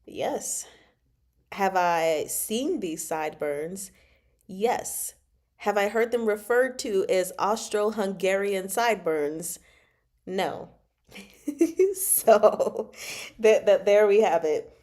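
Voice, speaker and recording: A woman's voice: medium pitch, takes it slowly, long pauses, darkish tone. A young adult woman hosting a casual book chat, playful and laughing often as she reacts to a novel. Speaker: book club host reading and reacting.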